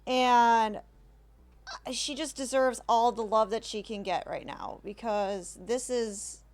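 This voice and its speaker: Slow, halting woman streamer. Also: fairly high pitch, steady tone. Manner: halting, emotional, apologetic, many restarts. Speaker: streamer reacting to videos. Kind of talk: reaction video commentary.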